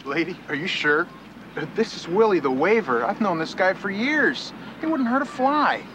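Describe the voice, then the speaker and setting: A man's voice: high voice, animated, normal speed, noisy background. A man doing a folksy easygoing cop. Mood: soothing. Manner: folksy, reassuring. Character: easygoing male beat cop.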